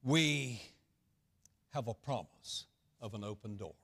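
A male pastor preaching a sermon in a folksy, repetitive way, swinging between loud stretches and hushed ones. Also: medium pitch, slow pace, breathy edge, long reverb tail.

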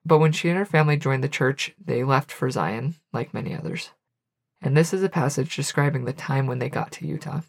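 A woman's voice: rumbling low, brisk, vocal fry, slightly rough. A woman hosting a podcast, reading book passages aloud and reflecting on them in an earnest, confessional way. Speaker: podcast host.

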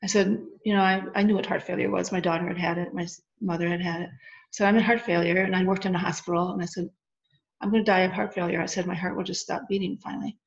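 A woman's voice: fairly low pitch, fast, vocal fry. A middle-aged woman telling a personal story as an interview guest, acting out quoted dialogue as she goes. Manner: animated retelling with quoted dialogue. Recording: lo-fi muffled audio.

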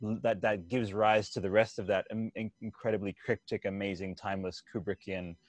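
A man's voice: lowish voice, fairly even intonation, a little fast, no echo. A man hosting a podcast who talks in a loose, rambling way, with frequent restarts and casual swearing. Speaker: podcast host. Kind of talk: casual chat.

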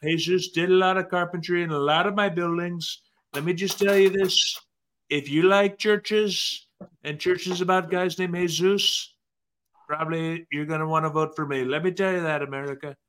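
Brief: man doing a bragging older politician impression, bright and slow, stretched-out words. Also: high voice, steady tone. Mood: boastful. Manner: slow, drawn-out, self-praising. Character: brash boastful older male politician impression.

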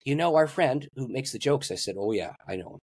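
Older male pastor, lively storyteller, slightly husky, dry close mic. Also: brisk, dry recording. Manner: animated storyteller, acts out dialogue with big pitch swings. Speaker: pastor and guest. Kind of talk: storytelling in a podcast interview.

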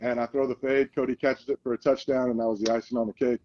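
Man telling animated football stories. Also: mid-range voice, fast, muffled recording. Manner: animated storyteller, acts out quoted lines. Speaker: guest, football coach. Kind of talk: casual storytelling interview.

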